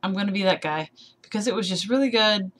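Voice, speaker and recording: A woman's voice: medium pitch, fast talker. A twenty-one-year-old woman chatting casually in a vlog, rambling and laughing at herself, slightly sleep deprived. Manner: rambling, self-deprecating, giggly. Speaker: vlogger. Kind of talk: casual tag video chat.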